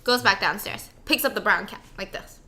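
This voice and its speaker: A woman host telling a funny story in a casual, animated and playful way. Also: mid-range voice, normal speed.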